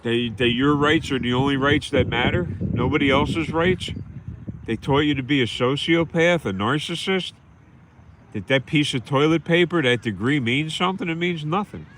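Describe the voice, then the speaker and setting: A man's voice: on the high side, normal speed, fairly bright tone, a little hiss or hum. Bitter ranting man on a livestream. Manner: bitter, scornful, repeats himself. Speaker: livestream host.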